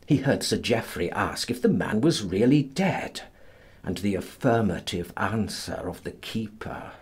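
A man narrating a classic novel as an audiobook in a dramatic, expressive manner. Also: medium pitch, husky.

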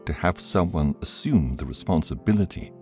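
A man reading an audiobook aloud in a measured, expressive way. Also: low-pitched, faint music behind. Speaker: audiobook reader. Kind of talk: scripted audiobook narration.

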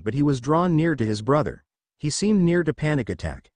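A man reading fan fiction aloud as narrator, in a steady storytelling manner. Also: fairly high pitch, brisk, dry recording.

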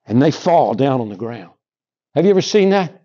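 A man preaching a sermon, swinging between raised, emphatic lines and hushed, drawn-out ones. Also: medium pitch, big pitch swings, highs cut off. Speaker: pastor.

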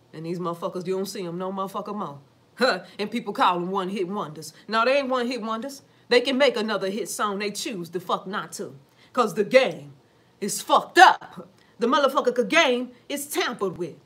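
A woman vlogger talking casually to her viewers, animated and preachy, swearing a lot and asking rhetorical questions. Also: medium pitch, fairly quick. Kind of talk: casual talk to camera.

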